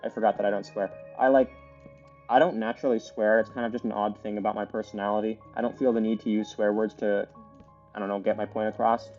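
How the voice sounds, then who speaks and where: Low-voiced man rambling through gameplay. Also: flat delivery, fast, a little mellow, dull audio, faint music behind. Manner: chatty, rambling play-by-play with many fillers. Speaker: gaming video creator. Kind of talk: casual gameplay commentary.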